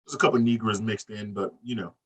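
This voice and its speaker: Loud profane man, set back from the mic. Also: on the low side, fast talker, husky, recorded from a distance. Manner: loud, animated, laughing, swearing freely. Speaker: podcast co-host recapping wrestling. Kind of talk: profane casual chat.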